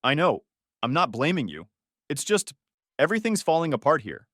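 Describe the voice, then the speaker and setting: A man's voice: fairly high pitch, wildly swooping pitch, a bit bright, no echo, studio quality, full character voice. A man voicing a worried young woman, a sister who talks anxiously and in a hurry. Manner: anxious, hurried.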